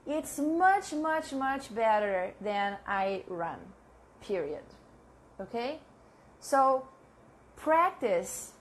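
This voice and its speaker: A woman teaching a live online English lesson, chatting with viewers and repeating example sentences slowly, with frequent laughs. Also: a little high, slight background noise. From Brazil.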